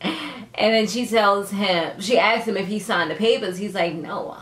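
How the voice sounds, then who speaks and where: A woman casually recapping a TV episode for her channel in a sassy, animated way, often laughing as she talks. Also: measured pace. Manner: animated, sassy, dramatic pitch jumps; laughs often while talking. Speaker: TV recap vlogger. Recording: echoey room.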